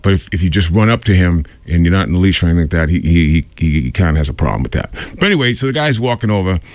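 Deep fast-talking radio host. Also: male voice, lively intonation, dry recording. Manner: rambling, filler-heavy, acts out quoted voices. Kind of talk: casual storytelling on radio.

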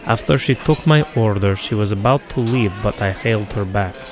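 A man telling a first-person comic commentary in a dry, unhurried way. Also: fairly low pitch, soft background music. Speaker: radio commentator.

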